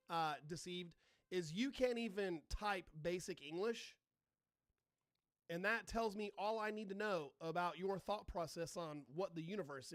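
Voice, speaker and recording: A man's voice: high-pitched, no echo, clean studio sound. A man hosting a live astronomy stream, chatting casually, swearing and reading out and answering viewer comments, sarcastic toward trolls. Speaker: astronomy livestream host.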